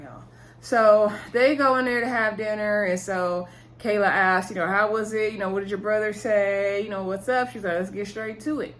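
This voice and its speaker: A woman's voice: mid-range voice, a bit bright, a little hiss or hum. Chatty woman recapping a show. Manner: chatty, talks to viewers as "y'all", laughs often. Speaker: reality TV recap vlogger.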